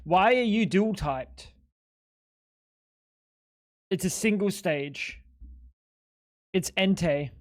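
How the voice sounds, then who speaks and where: A streamer riffing live to chat while playing, with a voice of ordinary middle pitch. The delivery is excitable and profane, swinging between loud outbursts and self-mocking mumbles. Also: drawn-out words, pauses often.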